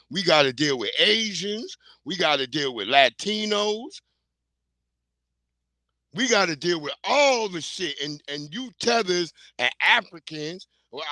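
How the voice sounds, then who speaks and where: A man's voice: sits high, bright, forceful tone, no echo. A middle-aged man, hosting a livestream in a blunt, heated, profane rant. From New York. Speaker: livestream host. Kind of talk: casual ranting commentary.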